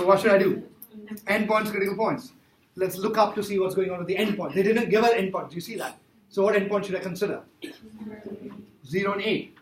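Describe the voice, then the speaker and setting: A man's voice: high voice, fairly quick, long pauses. A man teaching a calculus class, emphatic and repetitive, quizzing his students as he works through problems. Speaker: math teacher. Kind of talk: classroom lecture. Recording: echoey classroom with faint noise.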